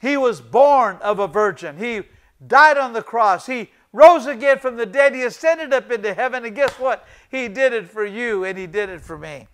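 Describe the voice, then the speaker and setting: A man's voice: very high-pitched, lively intonation, moderate pace. A middle-aged male pastor preaching a sermon, pressing points by repeating short phrases and calling out to the congregation. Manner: emphatic, repeats key phrases for emphasis; addresses the congregation as ladies and gentlemen.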